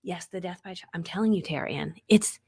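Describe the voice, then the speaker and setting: A woman's voice: lowish voice, fairly quick, vocal fry, dark tone, slightly rough. A middle-aged woman hosting a live stream, telling stories in a chatty way, laughing often and acting out what people said. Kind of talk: casual chatty storytelling.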